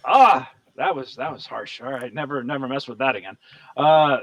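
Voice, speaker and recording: A man running a tabletop game as game master, lively and quick to slip into voices for side characters. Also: mid-range voice, highs cut off.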